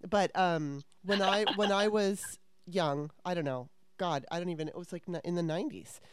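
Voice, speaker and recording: A woman's voice: lowish voice, moderate pace, no room sound, clean studio sound. A woman in her fifties hosting a podcast, telling a story in casual chat with a candid, profane and rambling manner. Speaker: podcast host.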